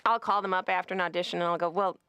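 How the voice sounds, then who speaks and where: A chatty, self-mocking cartoon patient delivers her troubles as a brisk stand-up routine full of wry asides. Her voice sits close to the mic in a dry, dead sound. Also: fairly low pitch, steady tone, sharp tone, clear, resonant tone, no echo. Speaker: comedian patient. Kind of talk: stand-up comedy monologue.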